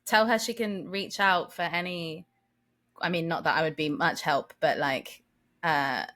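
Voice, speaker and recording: A woman co-hosting a podcast, talking in an animated, reflective way and laughing easily. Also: lowish voice, a little slow. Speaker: podcast co-host. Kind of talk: casual chat.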